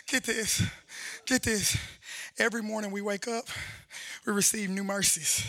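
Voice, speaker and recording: A male pastor preaching a fervent sermon, often shouting. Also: sits high, fairly even intonation, measured pace, long pauses, dry recording. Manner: fervent, shouting preacher with call-and-response lines.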